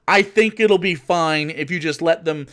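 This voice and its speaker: A man's voice: on the high side, unhurried, fairly bright tone. A man giving casual, sarcastic and profane reaction commentary on a political video.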